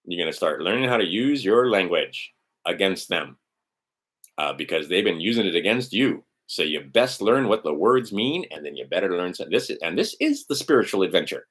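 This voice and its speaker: A man's voice: deep voice, big pitch swings, moderate pace, a bit bright, slightly rough. A middle-aged man talking casually while scrolling through a document on screen, rambling with sardonic, profane asides. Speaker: host of a legal maxims stream. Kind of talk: casual screen-share talk.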